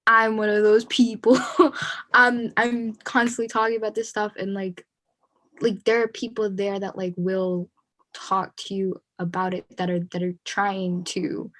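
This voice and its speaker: A woman's voice: medium pitch, little pitch movement, unhurried, a bit bright. Emphatic young woman panelist. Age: young adult. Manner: emphatic, many "like" fillers. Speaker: youth panelist. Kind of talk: casual discussion.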